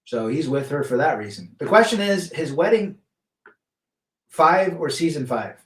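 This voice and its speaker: A man hosting a casual live stream, reading viewer comments aloud and telling stories in a loose, rambling way. His voice sits a little high for a man, and he often restarts his sentences. The room around him is noticeably echoey. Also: lively intonation, unhurried. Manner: rambling, many restarts, reads chat aloud.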